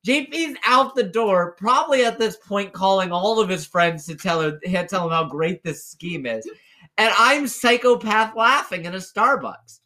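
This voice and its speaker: A man recounts a story on a podcast in loose, casual chat. His voice is bright, and he acts out the quotes with a lot of animation. He laughs often as he goes. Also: sits high, lively intonation, measured pace. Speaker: podcast co-host.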